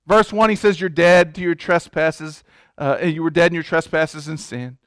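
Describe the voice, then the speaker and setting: High-voiced preaching man, dry sound. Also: fairly even intonation, moderate pace, a bit bright, clean tone, no echo. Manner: emphatic preaching with repeated words and restarts. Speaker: pastor. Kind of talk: sermon.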